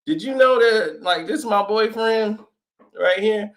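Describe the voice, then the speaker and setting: A man's voice: high-pitched, measured pace. A man in his thirties telling a story in casual chat, acting out the voices of the people in it and laughing often. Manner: animated, acts out quoted voices, laughs often. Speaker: host.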